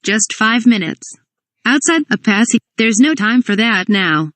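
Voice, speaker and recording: A woman's voice: a little high, expressive, unhurried, fairly bright tone. A woman reading a comedic parody script aloud. She reads stage directions and dialogue and spells some words out letter by letter.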